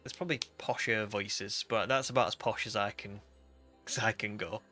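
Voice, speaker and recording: British male streamer, bright chatty voice, rambly, faint music behind. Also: on the low side, fairly even intonation, moderate pace. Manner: chatty, reads chat aloud, rambling with fillers. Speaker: game streamer. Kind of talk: casual live-stream chat.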